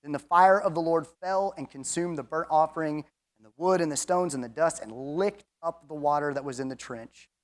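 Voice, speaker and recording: A man with a slightly high voice at normal speed leads a Bible class in a relaxed, chatty style. Between his own comments, asides, and fillers, he reads scripture passages aloud.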